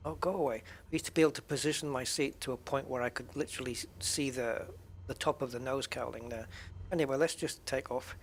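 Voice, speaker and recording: A flight sim streamer at his home gaming setup rambles chattily while playing, full of restarts and asides. His mid-range voice stays steady and runs fairly quick, with a little hiss or hum in the recording.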